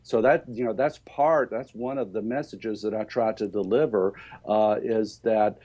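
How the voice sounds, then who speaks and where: An older man with a Southern accent, answering interview questions about education in a halting way, with many fillers and restarts. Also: fairly low pitch, fairly even intonation, dark tone, breathy edge. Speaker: education speaker.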